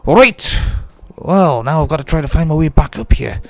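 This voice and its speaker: Gravelly man. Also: a little high, lively intonation, normal speed, dry recording. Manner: chatty, jokey, talks to himself while playing. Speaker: let's play host. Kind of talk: casual gameplay commentary.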